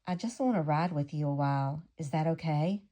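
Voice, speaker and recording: A woman reading the lines of a kind, earnest young male singer in a soft, gentle, pleading way. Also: low voice, brisk, natural voice.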